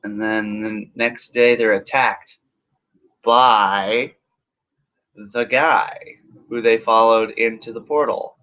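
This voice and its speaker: A man's voice: on the low side, fairly even intonation, takes it slowly, long pauses. A man giving a casual, rambling film review full of sarcasm and swearing. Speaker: movie reviewer. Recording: dull lo-fi recording.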